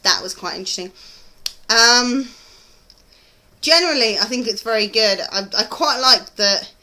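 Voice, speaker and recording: A woman's voice: medium pitch, unhurried, long pauses, bright, forceful tone. A British woman chatting casually in a TV review vlog, rambling and gushing with frequent ums. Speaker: TV review vlogger.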